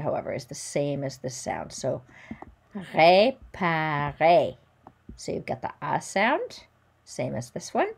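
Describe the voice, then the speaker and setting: Slow, gravelly-voiced woman teaching French sounds. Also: low voice, darkish tone. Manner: sounds out French words slowly and clearly, then explains them. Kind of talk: slow, careful pronunciation lesson. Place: recording at home or in a classroom with a virtual whiteboard.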